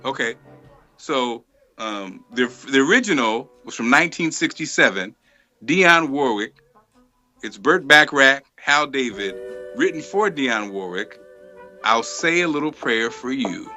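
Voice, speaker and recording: A man's voice: mid-range voice, measured pace, muffled recording, soft background music. A man hosting a live studio talk show in a casual, emphatic way that gets heated. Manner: animated, emphatic, gets fired up. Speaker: host.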